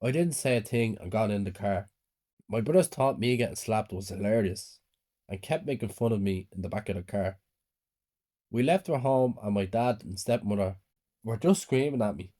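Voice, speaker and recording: A man calmly narrating a scripted first-person horror story. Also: on the low side, moderate pace.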